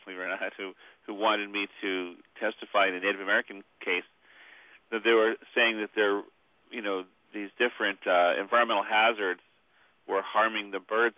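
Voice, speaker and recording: A man's voice: on the low side, dry recording. A man, an author and guest, telling stories in a rambling way with many fillers over the phone. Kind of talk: phone interview storytelling. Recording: tinny phone line.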